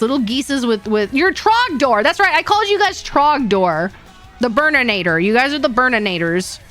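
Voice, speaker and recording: A woman's voice: high-pitched, a bit bright. A young woman streaming casually, rambling with bubbly energy, laughing often and repeating her words as she chats. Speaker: VTuber streamer. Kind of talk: casual livestream chat.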